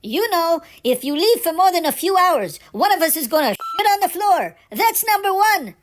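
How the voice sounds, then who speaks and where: A man's voice: very high-pitched, sing-song, normal speed, fairly bright tone, a little hiss or hum, voice pushed up, full character voice. A man voicing a sassy, wisecracking male Pomeranian dog who complains bluntly in a comic sketch.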